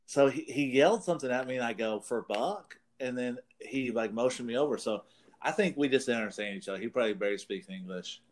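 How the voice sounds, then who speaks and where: This podcast co-host talks fast in a medium pitch, spinning a meandering talk-show anecdote full of profanity and his own laughter.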